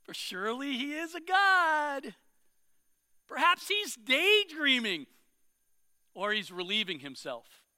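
Preacher man doing a fierce old-time prophet, slow and booming, bright crisp tone. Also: big pitch swings, exaggerated voice. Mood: mocking. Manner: declaiming, slow and forceful.

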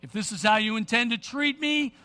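A man's voice: very high-pitched, a little fast, pushed and bright. A man playing an exasperated old prophet pleading with rhetorical questions about his heavy burden. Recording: long reverb of a big hall.

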